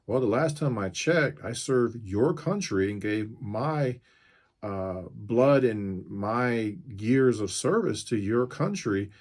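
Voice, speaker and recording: Low voiced guy in his 50s, mechanic venting about a customer, blunt, gets fired up. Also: animated, slow, darkish tone. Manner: firm, blunt and straight to the point. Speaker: mobile mechanic. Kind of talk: retelling a customer phone call to camera.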